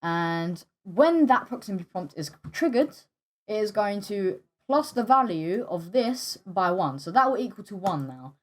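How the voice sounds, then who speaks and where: A young woman hosting a coding tutorial, hesitant and stumbling, often pausing with fillers and apologizing. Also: mid-range voice, sing-song. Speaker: tutorial host. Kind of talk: screen-recorded coding tutorial.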